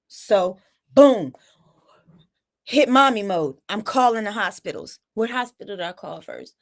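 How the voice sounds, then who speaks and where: A woman's voice: mid-range voice, sing-song, unhurried, creaky. A middle-aged woman hosting a live stream, telling a personal story in a dramatic, emotional way, full of restarts and tag questions, picked up by a phone or webcam. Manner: dramatic, reliving the moment.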